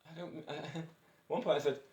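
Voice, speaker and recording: A man's voice: fairly high pitch, fairly even intonation, moderate pace, darkish tone. A breathless man in his fifties, chatting in a rambling, eccentric way and chuckling often as he talks to camera. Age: 50s. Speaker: vlogger. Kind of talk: casual personal monologue. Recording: roomy echo.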